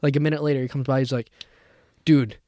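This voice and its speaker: Speaking very fast at medium pitch, a young co-host tells a lively story on his podcast, acting out each person's quotes and swearing freely. The recording is clean studio sound with no echo.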